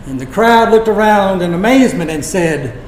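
A man preaching a sermon, retelling scripture as dramatic storytelling with long pauses. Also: sits high, animated, slight background noise. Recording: echoey room.

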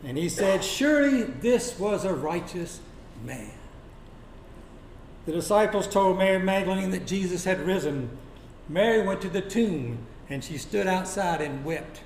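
A man preaching a sermon, telling Bible stories dramatically and dropping to a hush for quoted lines. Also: high-pitched, lively intonation, a little slow. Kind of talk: sermon storytelling. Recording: echoey room with faint noise.

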